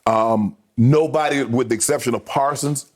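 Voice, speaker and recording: A man co-hosting a sports debate show, talking casually with slang and acting out quotes in a lively way. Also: mid-range voice, moderate pace.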